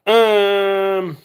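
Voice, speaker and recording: A man's voice: sits high, clean tone. A man, chatting loosely on a livestream while he works with his hands. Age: adult. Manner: chatty, drawling, easygoing, talks while working with his hands. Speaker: livestream host. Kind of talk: casual rambling livestream chat.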